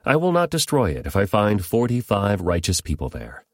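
A man reading the calm, measured replies of a merciful male deity. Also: fairly low pitch, no echo, studio quality, heavily acted.

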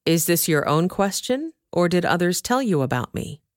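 A woman reading the part of a composed man on trial, answering in calm, measured sentences. Her voice sits low and dry, close to the mic, barely changed from her narrating voice. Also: no echo. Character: calm male teacher, composed prisoner on trial.

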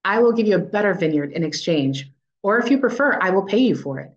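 A woman's voice: medium pitch, animated, fast talker, muffled recording, close to an everyday voice. A woman reading the lines of a sulking, resentful king in a Bible passage. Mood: sullen.

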